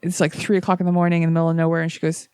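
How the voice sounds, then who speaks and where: A woman's voice: low voice, racing, clear, resonant tone, no room sound. Young woman comedian telling wild stories, lots of swearing, dry sound. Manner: profane, animated anecdotes with acted-out quotes. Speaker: comedian guest. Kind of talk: casual chat, comic storytelling.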